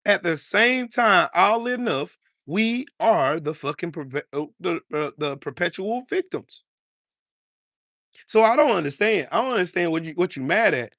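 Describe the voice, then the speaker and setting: A man's voice: sits high, animated, normal speed, a bit bright, dry recording, studio quality. An American man delivering heated political commentary in an angry, profane, repetitive rant.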